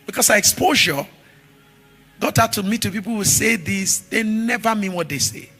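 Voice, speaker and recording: A man preaching a sermon, telling stories with animated shifts from shouts to murmurs. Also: sits high, moderate pace, slightly rough, soft background music. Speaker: pastor.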